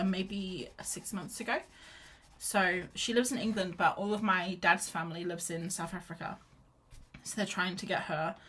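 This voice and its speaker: A woman's voice: medium pitch, bright, forceful tone, a little hiss or hum. A young woman chatting in a rambling, casual way while she sketches on a livestream, with lots of fillers and restarts. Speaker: livestream artist.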